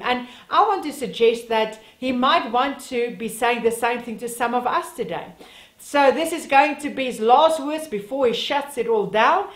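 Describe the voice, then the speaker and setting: A woman delivers a sermon, earnest and emphatic, pleading with her listeners. Her voice sits high. The sound rings around an echoey church hall. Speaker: preacher.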